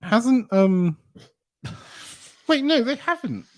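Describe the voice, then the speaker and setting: A man's voice: extremely high pitch, very animated, takes it slowly. A young man with a West Country accent co-hosting a wrestling podcast, teasing and laughing often. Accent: English West Country. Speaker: podcast co-host. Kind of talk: casual chat.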